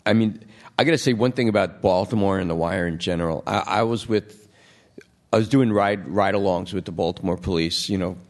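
A man who is a novelist and TV writer, telling an animated story as the guest at a live public talk, full of fillers, restarts and acted-out voices. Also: low voice, fairly quick. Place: stage at a public event before an audience.

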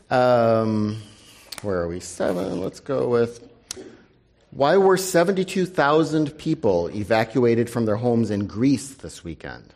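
A man moderating a panel and running a news quiz for an audience, brisk and wry, dropping his voice for asides. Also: mid-range voice, lively intonation, gravelly, a little mellow. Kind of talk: live panel event hosting.

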